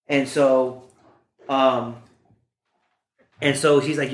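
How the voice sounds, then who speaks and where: A man from Texas, a guest on a chat podcast, telling a story in an easygoing way and jumping into higher voices when he quotes people. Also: level tone, takes it slowly, long pauses, a little hiss or hum. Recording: echoey room.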